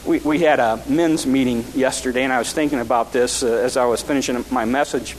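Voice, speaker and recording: A man's voice: mid-range voice, steady tone, a little fast, few pauses, in a large hall, rough recording. A male pastor giving an earnest sermon in a church, often restarting and repeating his words.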